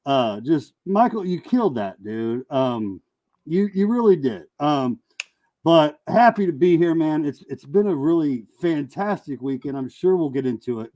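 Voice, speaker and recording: Mellow-voiced enthusiastic guest man. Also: a little high, lively intonation, a little slow, no echo. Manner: enthusiastic, filler-heavy, calls people man and dude. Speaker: regular guest co-host. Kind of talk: casual live-stream chat.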